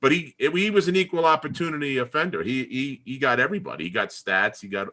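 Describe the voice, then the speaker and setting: A man in his fifties co-hosting a casual video-call interview, telling lively stories and acting out the quotes. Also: medium pitch, fast talker. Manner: animated storytelling, acting out quotes. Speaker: podcast co-host, former player.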